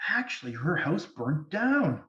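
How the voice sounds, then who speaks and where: A man voicing an excited woman who owns the property, exclaiming in a high voice. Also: measured pace, heavily acted. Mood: surprised. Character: excited female property owner. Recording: distant, roomy, dull.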